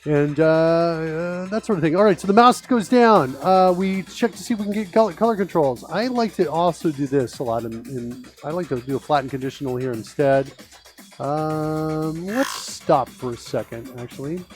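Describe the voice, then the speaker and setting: A middle-aged man talks through code on a live stream in a casual, rambling way, full of ums and uhs. His voice sits a touch high. Faint music plays underneath. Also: normal speed. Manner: chatty, rambling with many fillers. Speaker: host. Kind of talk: live-streamed coding chat.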